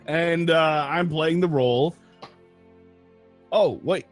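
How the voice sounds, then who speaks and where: A man playing in an online tabletop game, excitable and quick to laugh. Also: a little high, soft background music. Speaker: player. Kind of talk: casual tabletop game chat.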